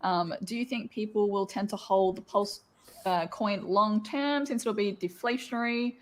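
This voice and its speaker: A woman's voice: mid-range voice, normal speed. A woman co-hosting a live stream, reading out viewer questions in a friendly way with many "um" fillers. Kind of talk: casual chat on a live stream.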